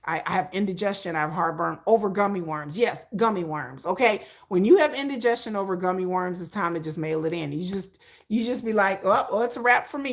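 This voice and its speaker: A woman hosting a casual livestream, telling a long story in an animated, chatty way, rambling with restarts and acting out little asides. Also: mid-range voice. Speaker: livestream host.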